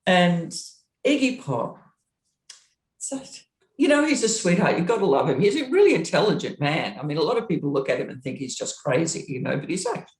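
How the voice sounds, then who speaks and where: Middle-aged woman spinning tour stories, voice jumps way up when she acts out lines, roomy echo. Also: a little fast. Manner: lively, acts out quoted dialogue with big pitch jumps; laughs often while telling the story. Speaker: interview guest, former touring roadie. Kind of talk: animated storytelling in an interview.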